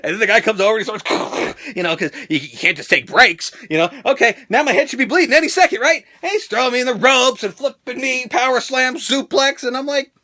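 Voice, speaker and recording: A high-voiced American man in his thirties hosts a casual fan Q&A about his toy collection. His voice swoops up and down with a lot of energy, sharp and bright. He curses freely and jumps into squeaky voices when he acts out quotes. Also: lively intonation, quick pace, few pauses. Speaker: toy collector vlogger answering fan questions. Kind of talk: casual Q&A vlog.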